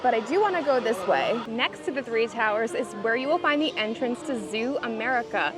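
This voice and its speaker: A woman vlogging casually as she walks through a theme park and zoo, chatty and excitable, often gasping and exclaiming. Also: a little high, brisk, over music, rough recording. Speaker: travel vlogger. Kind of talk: casual vlog walk-through. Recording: outdoor ambient noise.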